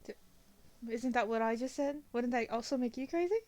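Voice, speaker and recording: A woman playing in a tabletop game, excitable and exclamatory. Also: a little high, a little fast. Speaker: player.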